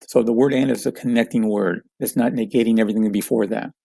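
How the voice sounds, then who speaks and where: A man teaching a communication lesson, calmly explaining with example phrases. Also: lowish voice, fast talker, gravelly, slightly rough, no room sound. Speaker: communication coach.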